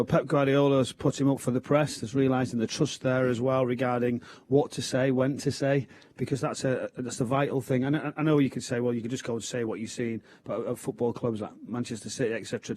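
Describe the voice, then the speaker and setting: Fast-talking conversational male pundit. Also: medium pitch, steady tone, a little mellow. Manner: conversational, tags questions onto points. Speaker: football pundit. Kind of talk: post-match studio analysis. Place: TV studio.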